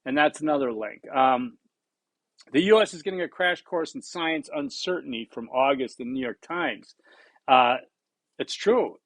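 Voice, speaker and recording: A man's voice: mid-range voice, expressive, normal speed, fairly bright tone, dry recording. Blunt man in his sixties lecturing. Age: 60s. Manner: blunt, conversational, repeats points for emphasis. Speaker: college instructor. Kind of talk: recorded course lecture.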